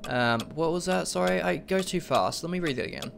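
Gravelly, excitable young game streamer. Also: male voice, fairly high pitch, fairly quick, slight background noise. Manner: excitable, laughing, jokey. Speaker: let's play host. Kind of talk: gaming commentary.

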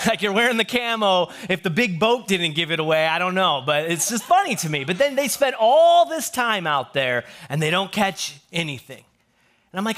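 A man pastor giving a sermon to his church, telling jokey stories with quick asides before reading scripture. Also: on the high side, expressive, a bit bright. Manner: joking storyteller, quick asides. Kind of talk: humorous sermon.

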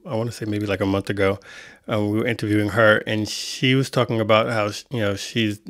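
A man's voice: fairly low pitch, no room sound, studio quality. A man hosting an online music panel, talking casually with many restarts. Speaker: community host.

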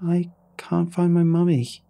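A man voicing an eerie little lost girl who speaks in a tiny, flat, hopeless voice. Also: high-pitched, unhurried, vocal fry, voice pushed up. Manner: tiny, emotionless, repeating herself.

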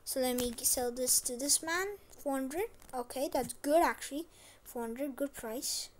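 High-voiced woman chatting over gameplay. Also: measured pace, slight background noise. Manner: chatty, repeats short phrases to herself. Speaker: gaming channel host. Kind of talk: casual gameplay commentary.

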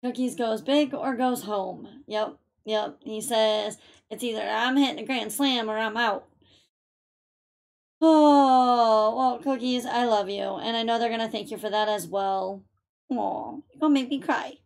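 A woman's voice: a little high, steady tone, unhurried, gravelly. A woman streaming a game live, chatty and gushing, thanking viewers emotionally. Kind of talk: live gaming stream commentary.

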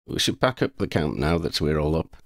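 A man's voice: very deep voice, big pitch swings, a little fast, gravelly, dry recording, clean studio sound, heavily acted. Man voicing a firm young team leader. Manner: firm, commanding.

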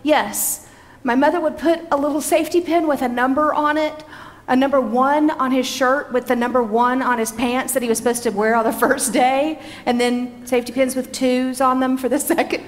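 A woman's voice: high-pitched, steady tone, moderate pace. A woman co-presenting a comedic talk to a live audience, chatty and laughing as she speaks, in a hall.

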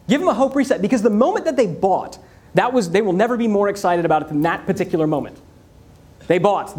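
A man giving an energetic business keynote, telling stories and firing rhetorical questions with lots of repetition. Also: high voice. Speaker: conference speaker.

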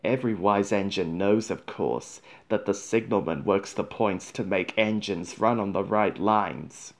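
A man reads a children's storybook aloud, gentle and measured. His voice is fairly low and his delivery is very slow and clear.

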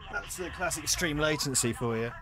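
Animated male host, casual gaming banter, quick silly voices. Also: a little high. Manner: jokey, swears, puts on silly accents. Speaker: let's play host. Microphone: lavalier.

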